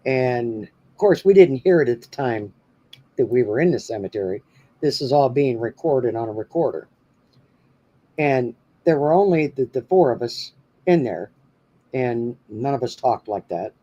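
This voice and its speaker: A man's voice: medium pitch, lively intonation, normal speed, mellow, highs cut off. A man hosting a paranormal podcast, telling a story in a rambling, casual way with many fillers. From New Hampshire. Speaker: podcast host.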